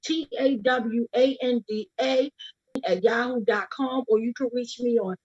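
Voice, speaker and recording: In lo-fi livestream audio, an activist with a fairly high but darkish voice speaks a little slowly about her brother's death at a rally. Her impassioned speech is urgent and forceful, with key words repeated for emphasis.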